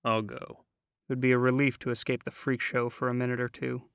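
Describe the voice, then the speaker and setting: A man narrating a novel in a measured, wry way, close to the mic. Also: mid-range voice, monotone, creaky, fairly bright tone, smooth, no room sound. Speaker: audiobook narrator. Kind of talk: scripted narration.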